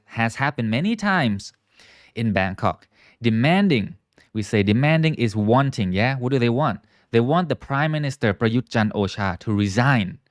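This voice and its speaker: Man teaching English, slow emphatic drilling. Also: mid-range voice, no echo, studio quality. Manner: explains slowly, stretches key words, many check-ins like "okay?" and "right?"; models pronunciation and asks viewers to repeat. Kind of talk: live online English lesson.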